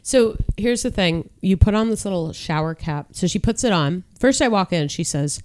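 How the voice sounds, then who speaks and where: A woman's voice: lowish voice, animated, moderate pace, few pauses, darkish tone, no echo. A young woman, a podcast co-host telling a story in casual chat, full of fillers. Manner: chatty storytelling with lots of fillers.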